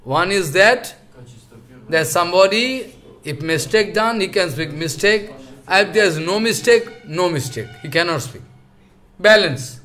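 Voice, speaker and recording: High, bright-voiced man lecturing slowly. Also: animated, faint music behind. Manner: halting speech with many fillers and repetitions; chants verses slowly. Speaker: spiritual lecturer. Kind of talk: scripture lecture.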